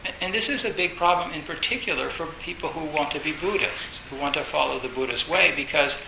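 A man giving a Zen dharma talk, rambling and repeating phrases with many fillers, now and then acting out inner voices loudly. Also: a little high, fairly quick, creaky, roomy sound, background noise. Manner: acts out inner voices, bursts loud. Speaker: Zen teacher.

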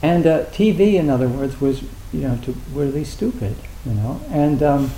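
A middle-aged American man giving a dharma talk as a Zen teacher, in a loose, halting, conversational way with many fillers and a wry, gentle humor. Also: a little high, animated. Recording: roomy hall with faint hiss.

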